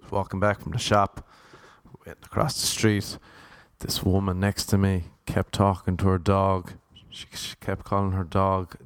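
A young man hosting his own podcast, telling rambling comic stories with deadpan asides. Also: fairly low pitch, no echo. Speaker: podcast host. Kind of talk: casual comedic monologue.

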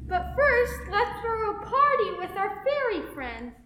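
A woman voicing a kind, gentle young princess. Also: very high voice, big pitch swings, a little slow, a little hiss or hum, exaggerated voice. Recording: echoey room with faint ambience.

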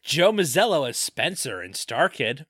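A man's voice: a little high, big pitch swings, normal speed, fairly bright tone, slightly rough, no room sound. A man co-hosting a podcast in casual chat, making dry, wry jokes. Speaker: podcast co-host.

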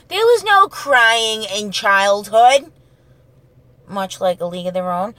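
A woman's voice: medium pitch, expressive, takes it slowly, a bit bright, no echo. A woman telling stories in a casual, profane, rambling way, going off on tangents. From New England. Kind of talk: casual storytelling monologue.

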